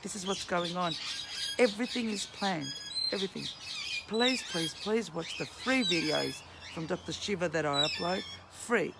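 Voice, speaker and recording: A vlogger pours out a heated, swearing plea to followers in a gravelly voice of middling pitch. The voice is strained and starting to go. Loud birdsong and duck calls crowd the open-air recording. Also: normal speed. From Australia. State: voice strained and going. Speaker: vlogger and counsellor. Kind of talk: emotional ranting vlog. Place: outdoors near a duck pond. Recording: loud birds and outdoor noise. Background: loud birdsong and quacking.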